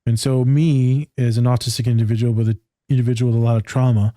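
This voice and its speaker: A man in a casual podcast chat, an animated storyteller who swears casually, talking about his work as a therapist. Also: mid-range voice, fast talker, no echo, clean studio sound.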